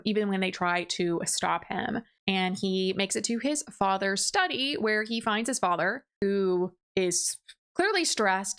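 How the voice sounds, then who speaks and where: Chatty woman with a smooth voice. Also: mid-range voice. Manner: chatty, lively retelling with quick asides and brief laughs; briefly mimics characters' lines. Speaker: book reviewer. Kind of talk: casual plot recap.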